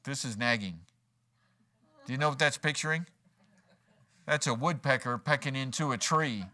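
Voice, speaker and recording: A pastor with a medium-pitched, sharp voice preaches a sermon at a moderate pace in a church sanctuary. He's folksy and joking, acting out quoted lines as he goes.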